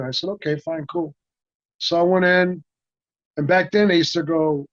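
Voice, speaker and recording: Guy rambling thru old stories, does little voices for everyone, kinda high voice, dull dry sound. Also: moderate pace, dry recording. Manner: rambling, animated, acts out quoted voices. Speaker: interview guest, martial arts actor. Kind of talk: casual storytelling.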